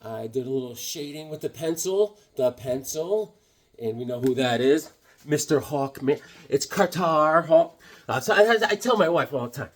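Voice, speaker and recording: Husky, excitable comic book vlogger guy. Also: fairly high pitch, normal speed. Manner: excitable, jokey, rambling, with sudden loud outbursts. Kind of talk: casual chat showing sketches.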